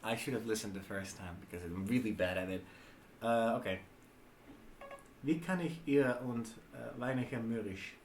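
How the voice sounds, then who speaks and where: A man's voice: fairly low pitch, normal speed. A man from the Netherlands co-hosting a livestream, explaining things hesitantly in casual chat. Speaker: livestream co-host. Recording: echoey room with faint ambient noise.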